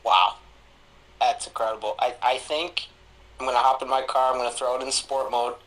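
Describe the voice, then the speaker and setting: A man's voice: medium pitch, fairly even intonation, normal speed, fairly bright tone, low-quality recording. A male caller talking in a joking, over-the-top, hyped way. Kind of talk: call-in phone chat.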